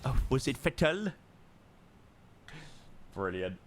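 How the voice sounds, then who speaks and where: A man's voice: medium pitch, sing-song, slow pace, faint music behind. A young man chatting casually on a live flight sim stream, greeting viewers, reading chat aloud and humming to himself.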